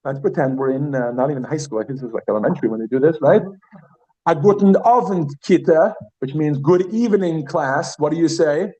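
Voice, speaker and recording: A man teaching a Yiddish class, chatty and lively, who repeats words slowly and asks the class questions. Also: on the high side, lo-fi sound. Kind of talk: classroom lesson.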